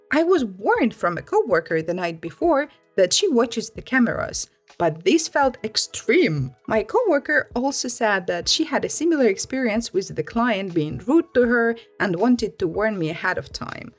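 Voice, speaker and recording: Lively woman reading stories aloud. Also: fairly high pitch. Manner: expressive, lively storytelling. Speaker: story reader.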